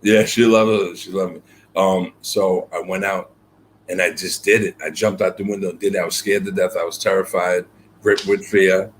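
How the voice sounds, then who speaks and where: A man with a very low voice speaks as a guest poet in an interview. He tells his story earnestly, pausing on fillers and repeating phrases. A faint hiss of noise sits under his voice. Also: level tone. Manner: reflective, earnest, many fillers and repeated words.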